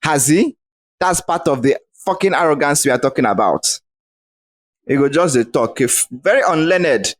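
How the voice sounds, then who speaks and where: Young Nigerian man, Nigerian accent, higher voice, heated and sweary, on a remote call. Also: animated, moderate pace. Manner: ranting, heated, swears freely. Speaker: guest. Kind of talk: casual podcast chat.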